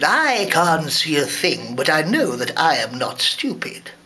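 Man voicing a worried storybook minister, low and hushed, slow, bright tone. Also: sing-song, breathy edge, full character voice. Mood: fretful. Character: timid worried male prime minister.

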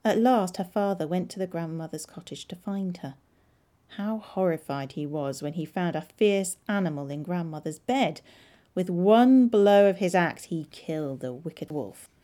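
A woman librarian narrating a children's storybook in an expressive, measured way. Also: fairly low pitch.

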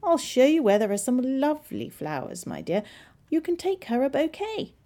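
A crafty male wolf from a storybook drawls out his words slowly with exaggerated politeness, as a woman reader puts him on. The voice sits higher than her own and swoops around a lot. The tone stays soft and mellow. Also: big pitch swings. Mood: sly. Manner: slow, sly and overly polite.

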